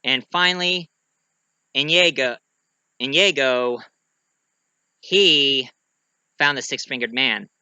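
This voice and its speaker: A man's voice: mid-range voice, slow, long pauses, sharp tone, clear, resonant tone, no room sound, poor audio. A man giving a casual, rambling movie review, full of fillers and restarts, who keeps acting out lines.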